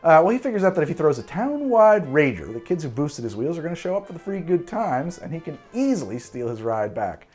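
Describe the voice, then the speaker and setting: A man in his forties hosting a cocktail show, talking casually to camera in an animated, digressive and jokey way. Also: on the high side, brisk, few pauses, faint music behind.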